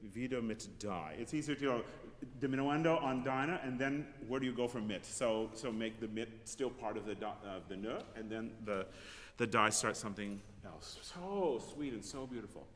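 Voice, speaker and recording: A man's voice: mid-range voice, expressive, moderate pace, fairly bright tone. A man coaching a choir in rehearsal, giving precise, encouraging diction corrections. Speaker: choir conductor. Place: large rehearsal hall with choir. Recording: reverberant rehearsal hall with faint noise.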